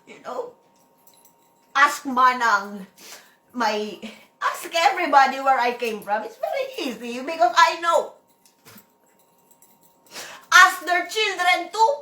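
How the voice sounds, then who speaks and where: High, bright Filipino woman ranting. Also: roomy sound. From Philippines. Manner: rambling, emphatic, repeats herself, breaks into laughter. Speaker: vlogger. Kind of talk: casual vlog monologue.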